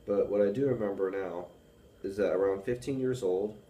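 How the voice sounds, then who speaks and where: A young man with a baritone voice, rambling casually to camera with many fillers about reading and analyzing music. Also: normal speed, warm tone, recorded from a distance. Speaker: music student vlogger. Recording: echoey room with faint music.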